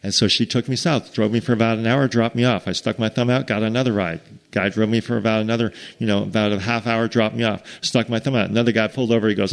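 A man's voice: fairly low pitch, fast, creaky. American man telling a rambling travel tale. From United States. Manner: animated, rambling with restarts, acts out quotes. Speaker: storyteller. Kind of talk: casual spoken travel story.

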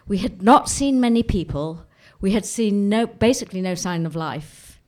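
A woman's voice: mid-range voice, lively intonation, moderate pace. A woman telling a personal anecdote in a vivid, dramatic way, often repeating herself. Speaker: storyteller.

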